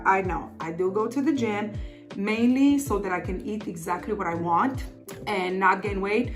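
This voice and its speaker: A woman in her thirties telling a story to camera in a lively, dramatic way. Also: medium pitch. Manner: animated, dramatic voices for quoted people.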